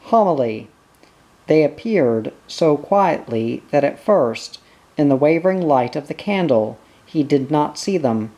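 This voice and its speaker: A reader reading a children's novel aloud in a measured, gentle, unhurried way. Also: mid-range voice. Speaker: audiobook reader.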